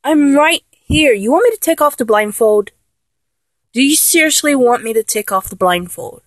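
With a high voice, lively intonation and normal speed, a woman plays a flustered young lover in a comedic audio role-play. She keeps trying to act dominant and failing, sounding exasperated and self-correcting, with no echo on the recording.

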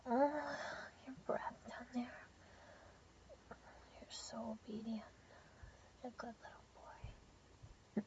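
A young woman in a whispered role-play, speaking in a soft, teasing whisper with breathy murmurs. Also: a little high, little pitch movement, slow, pauses often. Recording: dull lo-fi audio with faint background hiss.

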